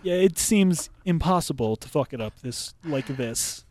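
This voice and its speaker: A man's voice: on the high side, animated, a little slow, a crowd in the background. A man co-hosting a podcast, chatting bluntly and swearing often while he laughs. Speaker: podcast co-host. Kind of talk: casual crude podcast chat.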